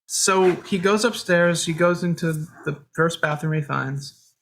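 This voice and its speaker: A woman's voice: fairly low pitch, unhurried, slight background noise. A woman casually telling a story with a friend, laid-back and drawn out. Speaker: storyteller guest, band member.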